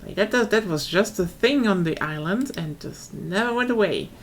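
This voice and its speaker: A woman's voice: medium pitch, lively intonation, moderate pace, a little hiss or hum. A young woman with a German accent, chatting casually and rambling on a live stream, swearing now and then.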